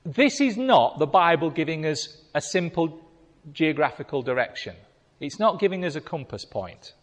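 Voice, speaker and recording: Male preacher, emphatic sermon, pitch swinging widely, long reverberant echo. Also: very animated, normal speed. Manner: emphatic, repeating key phrases.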